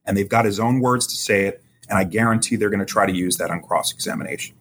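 A man as a legal expert guest, explaining courtroom rules in a measured way and quoting testimony. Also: fairly low pitch, fairly bright tone, a little hiss or hum. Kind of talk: podcast interview analysis.

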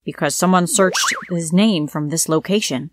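A woman voicing a brisk, formal male FBI officer in a told story. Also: on the low side, noisy background, lightly acted.

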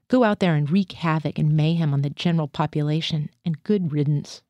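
A hostile male master sergeant, read by a woman, cursing and barking orders. The low, dark voice is heard close and dry. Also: fairly quick, no echo, highs cut off, natural voice. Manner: swearing, dismissive.

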